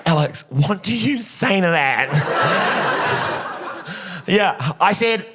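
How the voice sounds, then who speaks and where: Animated camp male stand-up comedian. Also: sits high, drawn-out words, very noisy. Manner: animated, camp, self-mocking storytelling. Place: theatre stage. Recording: loud audience laughter in a theatre.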